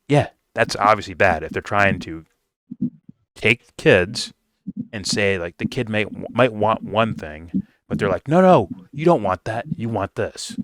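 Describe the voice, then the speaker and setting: A man's voice: on the low side, pushed and bright, no echo. A man giving a casual review, talking bluntly and swearing freely. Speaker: film reviewer. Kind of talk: casual commentary rant.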